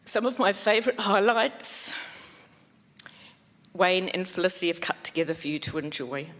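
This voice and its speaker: A speaker delivers a heartfelt memorial tribute in a measured voice, with soft pauses. The voice carries through a PA into a large events hall. A long reverb trails every phrase. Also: mid-range voice, lively intonation. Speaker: former manager giving a tribute. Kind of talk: memorial speech.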